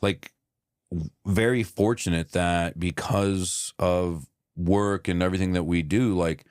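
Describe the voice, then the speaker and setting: A man with a low, deep voice, talking casually on a podcast and acting out what people said as he tells stories. He swears freely. The sound is dry and close, with no room echo. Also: unhurried, clean tone. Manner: animated storyteller acting out quotes, swears freely. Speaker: podcast co-host. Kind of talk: casual chat.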